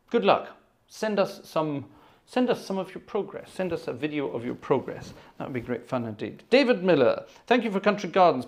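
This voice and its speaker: A man's voice: a little high, creaky. Chatty male organist telling stories. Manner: chatty, anecdotal, thanks viewers by name. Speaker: organist and livestream host. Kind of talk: casual chat. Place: at home.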